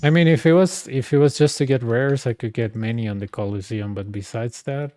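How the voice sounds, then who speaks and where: A man's voice: medium pitch, fairly quick, dark tone, no echo. A man streaming a game, chatting casually and telling rambling stories full of slang and filler words. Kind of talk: casual chat while gaming.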